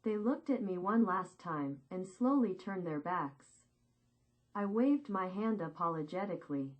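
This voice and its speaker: A woman reading a first-person war memoir as slow, measured, solemn scripted narration with deliberate pauses. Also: lowish voice, expressive, lo-fi sound.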